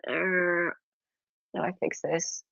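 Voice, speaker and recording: A woman's voice: lowish voice, steady tone, slow, gravelly, fairly bright tone, no echo. A middle-aged Australian woman hosting a casual livestream from home, chatty and giggly as she greets her viewers. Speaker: livestream host. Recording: slightly dull lo-fi audio.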